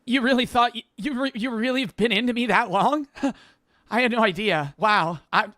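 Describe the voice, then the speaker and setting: A man's voice: extremely high pitch, normal speed, sharp tone, pitched above the performer's own voice. A man doing a flustered shy anime character.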